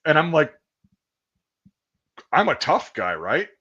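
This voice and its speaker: A man's voice: fairly high pitch, slow pace, husky, highs cut off. A young man telling a rambling, profane story in casual chat and acting out the voices of the people in it. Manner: profane, animated storyteller, acts out quoted voices. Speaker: podcast host.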